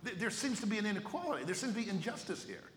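A man's voice: sits high, sing-song, rapid-fire, slight background noise. A male pastor preaching a sermon emphatically, with rhetorical questions and repeated words. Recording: echoey hall with long reverb.

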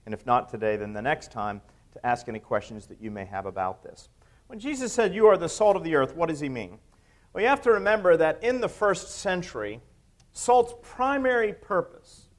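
A man preaching a sermon to his congregation, rising and dropping his voice for emphasis and putting questions to the listeners. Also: medium pitch. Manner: expressive preaching, rises and drops for emphasis, asks the congregation questions. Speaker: pastor.

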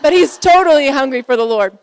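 A woman's voice: high-pitched, animated, brisk. A woman in her forties giving an emotional, chatty sermon to a conference crowd. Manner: conversational, emotional, many fillers. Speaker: pastor's wife speaking at a conference. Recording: hall reverb.

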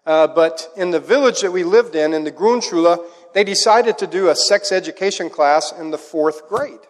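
High-voiced male pastor in a reverberant hall. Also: normal speed. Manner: animated storytelling, acts out a child's voice in quotes. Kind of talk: sermon with personal stories.

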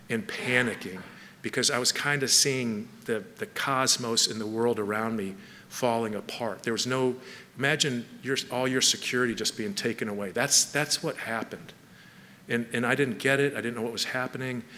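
A middle-aged man from Southern California giving a personal testimony to an audience, halting, with many restarts and repeated words. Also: mid-range voice, bright, forceful tone, a little hiss or hum. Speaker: speaker sharing testimony. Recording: long hall reverb, faint ambience.

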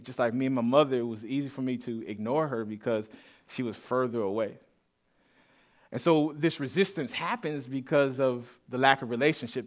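A man from east Austin preaching a sermon to his congregation, telling stories in a relaxed, conversational way with asides. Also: medium pitch. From east Austin, Texas. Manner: conversational, storytelling, with asides and laughs. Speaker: pastor. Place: church sanctuary.

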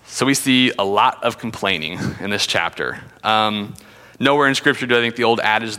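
A man's voice: on the low side, normal speed, bright, forceful tone, smooth, in a large hall. A man teaching from the Bible in a conversational sermon, reading passages aloud with frequent fillers.

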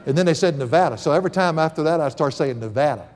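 A man's voice: on the high side, racing, darkish tone. A middle-aged man preaching a sermon in a church, emphatic and conversational, with folksy asides and humor. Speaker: pastor. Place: church sanctuary. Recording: long hall reverb.

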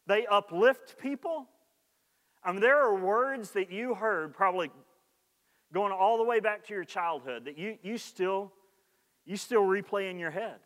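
A man preaching a sermon in a conversational way, often restarting his sentences and growing more animated as he goes. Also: high-pitched, big-room sound. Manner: conversational preaching with many restarts and "like", rising in energy. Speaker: pastor.

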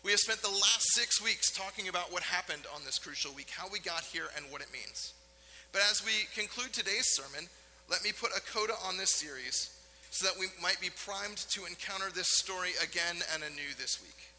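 A male pastor delivers an earnest, emphatic sermon from a church sanctuary, leaning on dramatic pauses. His voice sits high and rings with a sharp, bright edge. A long reverb trails each phrase, with a faint hum underneath.

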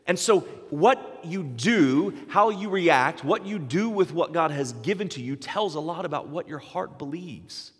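A man's voice: high-pitched, fairly bright tone, breathy edge, long reverb tail. A man in his forties preaching a sermon, earnest and emphatic, building up with repeated phrases. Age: 40s. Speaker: pastor.

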